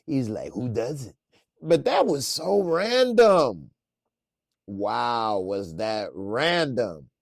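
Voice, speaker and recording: A man casually reacting to a TV episode in slangy, laid-back talk with lots of laughter and animated retelling. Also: mid-range voice, drawn-out words, gravelly, no echo, clean studio sound. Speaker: reviewer.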